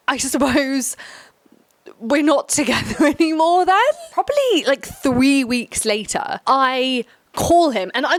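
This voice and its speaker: A young woman hosting a casual storytime vlog, chatty and quick, full of filler words. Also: high-pitched, no echo. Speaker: storytime host.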